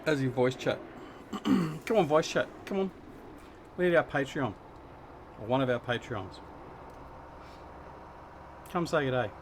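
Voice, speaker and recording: A man's voice: mid-range voice, lively intonation, unhurried, pauses often. Aussie guy streaming a farming game, chatty and self-deprecating, a bit of faint background noise. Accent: Australian. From Australia. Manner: chatty, greets viewers by name, self-deprecating. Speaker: livestream host. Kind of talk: casual gaming livestream chat.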